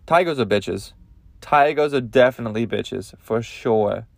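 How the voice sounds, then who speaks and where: A man's voice: mid-range voice, lively intonation, moderate pace, gravelly, no echo. A man hosting a comedy podcast, ranting crudely in a rambling monologue with lots of swearing. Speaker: podcast host.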